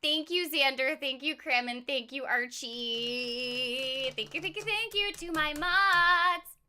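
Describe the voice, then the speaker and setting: A woman's voice: high-pitched, slow pace, sharp tone, a little hiss or hum. A woman voice actor chatting with viewers on a casual game stream in a bubbly, giggly way.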